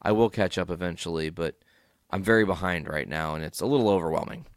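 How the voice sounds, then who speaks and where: A man's voice: low-pitched, quick pace, no echo, clean studio sound. A man hosting a solo podcast recap in a casual, rambling way, tired and yawning, swearing freely. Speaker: podcast host.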